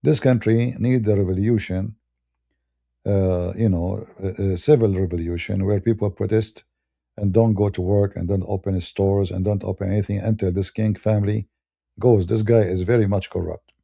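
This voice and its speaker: Middle eastern accented guy going off, scornful and blunt, super dark gravelly voice. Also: on the low side, fairly even intonation, normal speed. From Middle East. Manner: blunt and scornful, broken English grammar. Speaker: debater. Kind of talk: heated ranting monologue.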